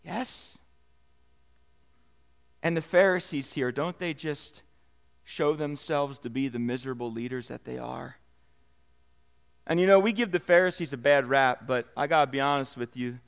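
A man preaching a sermon, with expressive delivery that swells and drops in volume for emphasis. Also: mid-range voice, normal speed, gravelly, pauses often, clean tone. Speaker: pastor.

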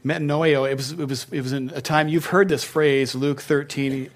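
A man giving a sermon as a pastor. He talks in a relaxed, conversational way and breaks off for joking asides. His voice sits at an ordinary middle pitch. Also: moderate pace.

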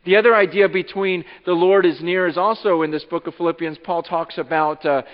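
Animated male pastor preaching in a reverberant hall. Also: high voice, a little fast, muffled recording. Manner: animated, acts out imagined speech of listeners. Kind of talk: sermon. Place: church sanctuary.

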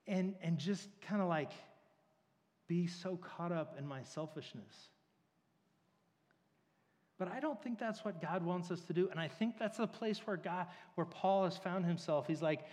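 A man's voice: high-pitched, unhurried, darkish tone. A man preaching a casual, conversational sermon, telling stories with lots of fillers. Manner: casual, filler-heavy, storytelling. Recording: long reverb of a large hall.

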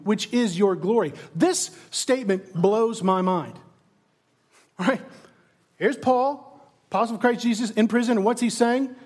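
High-voiced man preaching with rhetorical questions. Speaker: pastor. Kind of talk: sermon.

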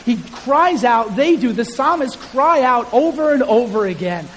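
A high-voiced male pastor preaches to his congregation in an animated, chatty way and pokes fun at himself. His voice rings with a long hall reverb and a faint hiss sits under it. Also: measured pace. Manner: animated, conversational, self-deprecating humor. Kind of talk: sermon. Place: church sanctuary.

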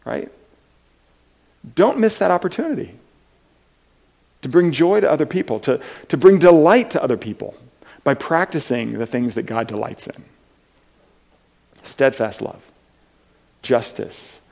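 A man preaching a sermon in an earnest, halting way, with many restarts, moving between soft and loud passages. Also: mid-range voice, lively intonation, gravelly. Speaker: pastor.

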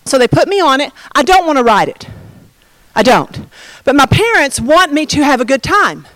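A middle-aged woman preaching a sermon through a personal story, animated, with dramatic slowdowns and hushed emphasis. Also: high voice, no room sound.

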